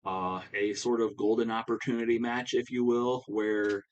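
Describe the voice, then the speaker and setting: A man's voice: mid-range voice, level tone, normal speed, highs cut off. A man casually recapping a simulated wrestling show, rambling along with lots of "uh" and "you know" fillers. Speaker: YouTuber recapping a wrestling sim game.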